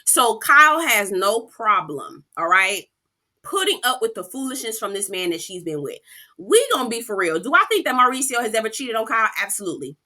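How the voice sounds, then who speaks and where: A woman giving a sassy, animated recap of a reality TV episode, talking straight to her viewers. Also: fairly high pitch, a little fast. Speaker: reality TV reviewer. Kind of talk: casual recap commentary.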